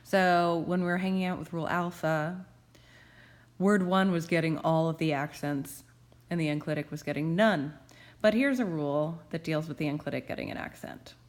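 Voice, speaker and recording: A woman with a slightly low voice explains grammar rules to students. She speaks slowly and deliberately, stressing each key term. She sounds like a young adult teacher walking through a lesson. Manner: slow, deliberate emphasis on key terms.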